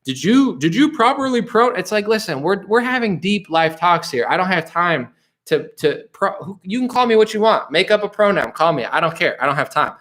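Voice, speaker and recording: A man's voice: sits high, expressive, brisk, a bit bright. A man hosting a casual political live stream, reading viewer comments aloud and answering them in a loose, rambling way with frequent restarts and dismissive asides.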